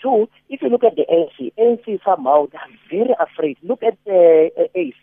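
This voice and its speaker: A man calling in to a talk show, speaking haltingly and often repeating words as he makes his point. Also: high voice, lively intonation, no room sound. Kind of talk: phone-in commentary. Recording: tinny phone line.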